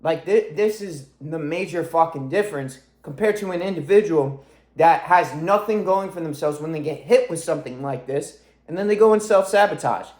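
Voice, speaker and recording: Speaking at normal speed, this twenty-something fitness coach has a fairly high, slightly mellow voice with a roomy sound. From his room at home, he delivers a fierce, self-driven vlog monologue laced with profanity.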